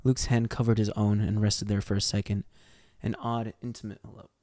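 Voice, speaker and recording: A man's voice: on the low side, flat delivery, a little fast, warm tone, no echo, studio quality. An American man reading a fan fiction story aloud on a stream, swearing freely and stumbling over words as he reads. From United States.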